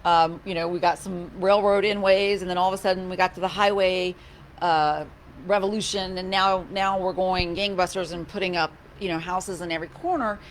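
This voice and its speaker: A county commissioner's fairly low voice, at normal speed, fills her office hours with casual, animated chat. She restarts her sentences a lot and lets a wry, slightly sarcastic edge through. There's a faint hum of noise beneath her speech.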